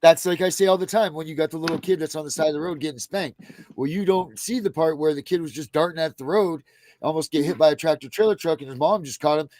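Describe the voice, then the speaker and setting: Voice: mid-range voice, fast talker, darkish tone, dry recording. A podcast co-host chatting casually, mostly agreeing and chiming in with short replies.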